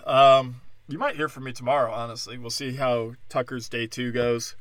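Angry, profane man ranting fast. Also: medium pitch, flat delivery, fairly bright tone, no room sound. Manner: mocks others in put-on voices. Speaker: podcast host and stand-up comedian. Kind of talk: solo ranting podcast monologue.

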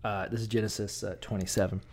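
A man's voice: fairly low pitch, little pitch movement, fast, darkish tone. A man co-hosting a casual, irreverent discussion, joking and swearing freely. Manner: profane, joking, breaks into laughter.

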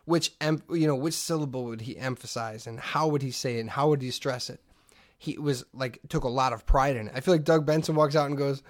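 A man's voice: medium pitch, brisk. A man co-hosting a casual comedy podcast, ranting animatedly and slipping into mocking voices. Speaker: podcast co-host.

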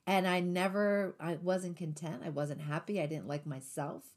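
A woman's voice: fairly low pitch, steady tone, moderate pace. A woman hosting a Christian talk show, reflecting on her own story with light humor before turning to scripture teaching. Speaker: host. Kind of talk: faith-based podcast chat.

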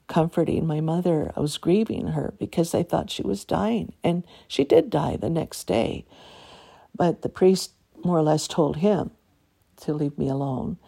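Husky, gravelly older woman, low and mellow. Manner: rambling, aggrieved, with many restarts. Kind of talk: personal monologue.

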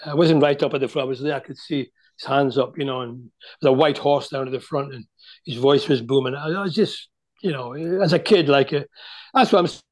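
A man's voice: mid-range voice, steady tone, a little fast. An older man, a former footballer, telling chatty anecdotes about his playing days over a video call. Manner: chatty anecdotal storyteller, many restarts. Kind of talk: storytelling interview.

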